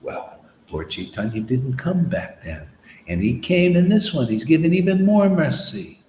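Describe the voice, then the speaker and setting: Animated man preaching in an echoey room. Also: mid-range voice, moderate pace, a little hiss or hum. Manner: animated, mocks opponents in put-on voices. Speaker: spiritual teacher. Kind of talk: informal sermon.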